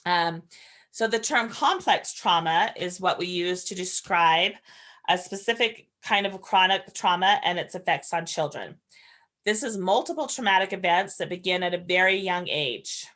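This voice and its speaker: A woman's voice: lowish voice, normal speed, a bit bright. A woman giving an earnest, conversational training lecture as a foster parent trainer, explaining ideas and sharing stories from her own home.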